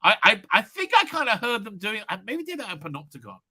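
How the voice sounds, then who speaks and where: A man's voice: high-pitched, sing-song, fast, sharp tone. A man hosting a casual live stream from home, reading out viewer comments, rambling and stammering and laughing often.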